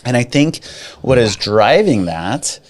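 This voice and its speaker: A man's voice: medium pitch, big pitch swings, slow. A middle-aged man co-hosting a casual podcast as a mortgage lender, playful and jokey as he talks numbers.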